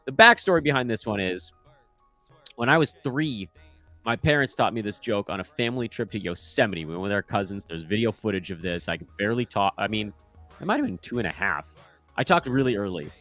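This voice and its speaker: A man's voice: fairly low pitch, animated, a little fast, pushed and bright, soft background music. Offhand self-deprecating man host. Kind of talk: casual commentary. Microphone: microphone.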